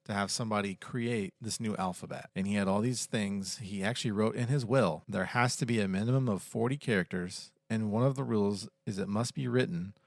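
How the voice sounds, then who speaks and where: A man co-hosting a podcast, explaining facts at length in a relaxed, casual chat. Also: on the low side, a little fast, creaky, hardly any pauses, no echo, studio quality. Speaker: podcast co-host.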